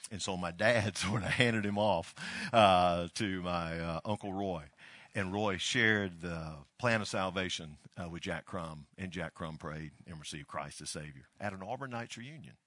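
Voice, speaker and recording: A man's voice: low-pitched, unhurried, fairly bright tone, dry recording. An older man from Alabama, a pastor giving a folksy, storytelling sermon.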